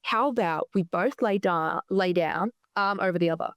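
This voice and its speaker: A woman's voice: on the low side, moderate pace, no room sound, studio quality. An Australian woman joking around as a guest on a podcast, full of teasing asides. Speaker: guest wrestler. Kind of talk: playful podcast banter.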